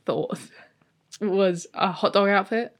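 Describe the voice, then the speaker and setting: A woman co-hosting a casual podcast, reacting with wry, quick comebacks. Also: medium pitch. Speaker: podcast co-host. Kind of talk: casual chat.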